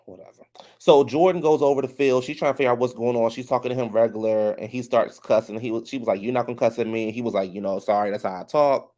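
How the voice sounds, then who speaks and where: A sassy, gossipy man recaps a reality show in a loose, chatty way. His voice sits at a middle pitch and leaps high when he imitates the cast. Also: fairly even intonation, fast, mellow. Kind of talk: casual recap commentary.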